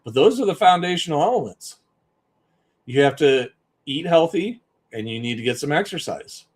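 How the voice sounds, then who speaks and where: A man's voice: fairly high pitch, lively intonation, moderate pace. A man giving an emphatic, conversational live-stream talk as a business coach, often repeating points for stress.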